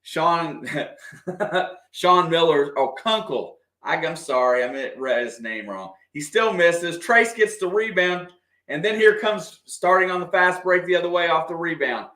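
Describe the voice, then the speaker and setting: A man doing casual, partisan play-by-play of a basketball game for a livestream, excitable and quick to react to the officials. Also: fairly high pitch. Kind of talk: fan play-by-play commentary. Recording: echoey room.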